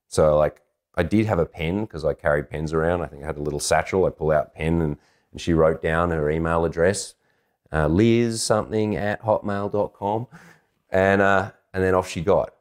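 A man with a very low voice tells a personal story as a dating coach. He is animated and self-deprecating, slipping into bits of acted-out dialogue. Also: moderate pace. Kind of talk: anecdotal storytelling.

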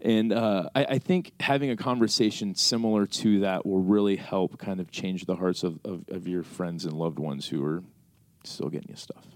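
During a live Q&A at a screening venue, an American man on the panel answers audience questions with an animated personal anecdote, acting out his mother's lines as well as his own. His voice sits low at a moderate pace, recorded dry.

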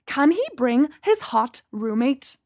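A woman voicing an excitable young woman. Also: high-pitched, slow, exaggerated voice. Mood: eager.

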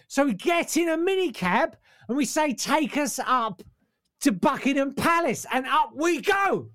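A man's voice: extremely high pitch, fairly bright tone, dry recording, studio quality. A man who tells a comic story in casual chat and acts out the voices.

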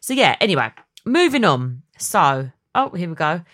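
A woman's voice: big pitch swings, a bit bright. Chatty dramatic young woman. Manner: chatty and dramatic, quick swings in pitch. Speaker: podcast host. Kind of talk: casual chat.

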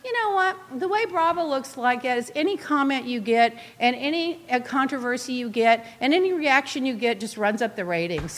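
A woman in a casual chat, telling a story in an animated, indignant way with quick asides. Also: high-pitched. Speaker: guest recounting reality show events.

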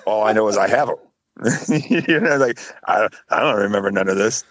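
A man's voice: normal speed, no room sound. A man co-hosting a podcast, telling stories in casual chat and acting out what others said. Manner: animated storyteller, acts out others in high voices. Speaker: podcast co-host.

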